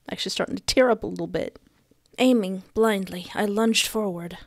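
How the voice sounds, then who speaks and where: A woman narrating a story game aloud, switching between dramatic reading and excited, tearful reactions. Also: mid-range voice, a little fast, no echo. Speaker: gamer reading a visual novel aloud.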